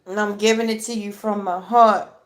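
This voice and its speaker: A woman's voice: mid-range voice, fairly even intonation, normal speed. A woman giving an emphatic motivational talk to camera while crying, often checking in with "right?". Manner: emphatic, repetitive, keeps asking "right?". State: tearful, crying while talking. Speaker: vlogger.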